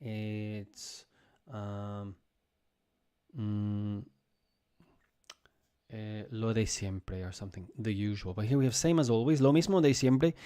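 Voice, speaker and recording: This English teacher runs a relaxed livestream lesson, going over words and phrases again and again for his learners in a chatty, filler-heavy style. He speaks slowly, leaving long pauses. His lowish voice has a dark tone that is clear and resonant.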